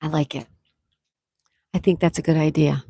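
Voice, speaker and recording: A low-voiced woman with a gravelly edge and a Buffalo, New York accent hosts a relaxed live stream. She reads viewers' comments aloud and answers each one in a chatty way. Her voice is dry and close, with no room sound. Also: moderate pace, dry recording. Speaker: livestream host. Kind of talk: casual live-stream chat.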